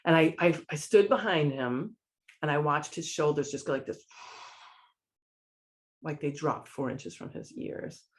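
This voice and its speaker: A woman's voice: deep voice, measured pace, long pauses. Woman telling a heartfelt personal story. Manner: earnest, emotional, lively retelling with quoted dialogue. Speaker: podcast guest.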